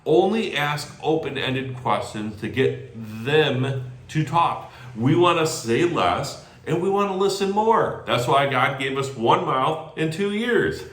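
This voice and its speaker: A man giving energetic sales call training who often adds "right?" after his points. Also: medium pitch, roomy sound. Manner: energetic, animated, tags lines with "right?". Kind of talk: training talk.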